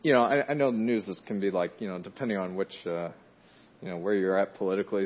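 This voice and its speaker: Male preacher, husky tone, casual storytelling sermon, dull lo-fi recording. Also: a little fast. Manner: conversational, many fillers and restarts; rises loud and high in dramatic moments.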